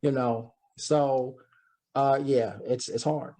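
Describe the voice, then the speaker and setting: A man in casual chat speaking in a halting, emotional way and repeating his words. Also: medium pitch, steady tone, mellow.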